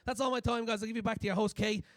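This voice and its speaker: A young man doing a crude, animated stand-up comedy set on a club stage, acting out scenes as he goes. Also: sits high, racing, slight background noise.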